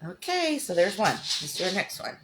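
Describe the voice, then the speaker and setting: Woman, middle-aged, lowish voice, chatty craft livestream host, faint room noise. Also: sing-song, moderate pace. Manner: chatty, affectionate, greets viewers by name. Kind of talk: casual livestream craft demo, greeting viewers.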